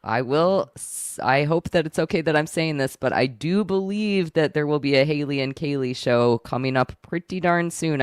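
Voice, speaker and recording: A woman's voice: extremely low pitch, smooth, dry recording, clean studio sound. A woman co-hosting a casual livestream podcast, chatty and self-deprecating. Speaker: podcast co-host.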